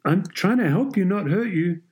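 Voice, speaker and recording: A man's voice: high voice, lively intonation, moderate pace, darkish tone, husky, voice pushed up. A man voicing an earnest husband coaching his wife at tennis, with upbeat, encouraging calls.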